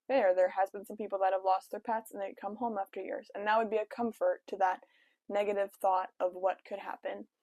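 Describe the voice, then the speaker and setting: A woman's voice: medium pitch, flat delivery, fairly quick, darkish tone, dry recording. A young woman chatting casually to camera at home, telling a story with lots of "like" and quoted asides. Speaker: vlogger.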